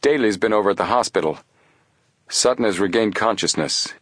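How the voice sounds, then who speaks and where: A man voicing a gruff middle-aged male police chief in an audiobook, blunt and matter-of-fact. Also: on the low side, a little fast, fairly bright tone, no echo, studio quality.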